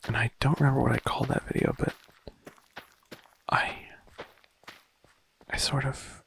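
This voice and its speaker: A man musing quietly in a casual, rambling way while playing a game, with a lot of vocal fry when he speaks softly. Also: medium pitch, fairly even intonation, unhurried, slight background noise. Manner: soft-spoken, rambling and reflective. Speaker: gaming vlogger.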